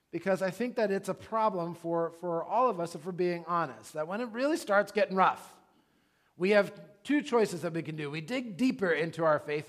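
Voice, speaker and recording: A man in his thirties, a pastor, preaching a sermon in a conversational, animated way with casual asides. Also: high voice.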